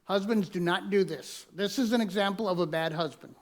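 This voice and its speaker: A male pastor with a notably high voice delivers a sermon in a church. He teaches from notes, repeats his main points for emphasis and tells listeners to circle or underline words. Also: fairly quick. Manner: repeats key lines for emphasis. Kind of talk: sermon with personal story. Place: church sanctuary.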